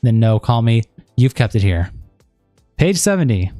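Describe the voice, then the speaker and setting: Male streamer, dark mellow voice, dry close sound, reads logs aloud and drifts into loose asides over faint music. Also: medium pitch, moderate pace, no echo. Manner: steady reading with rambling casual asides and fillers. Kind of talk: reading chat logs aloud on a live stream.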